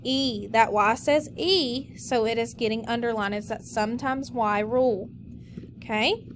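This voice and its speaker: Woman teacher, recorded lesson, slightly high voice, stretches words out slowly, faint noise. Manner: slow, drawn-out modeling of words.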